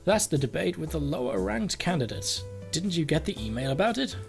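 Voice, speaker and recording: A man voicing a friendly male cat running for president, reading game text aloud with meows dropped in, lively in pitch over faint music. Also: a little fast, creaky. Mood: earnest. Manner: reads cat meows flatly into his lines.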